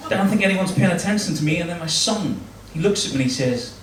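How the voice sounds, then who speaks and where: A man's voice: high voice, lively intonation, quick pace, background noise. A man with a Northern Irish accent doing crude stand-up comedy, teasing the audience. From Northern Ireland. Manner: crude, crowd-teasing banter. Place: comedy club stage. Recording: roomy live venue, mic at a distance, crowd laughter. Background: audience laughing.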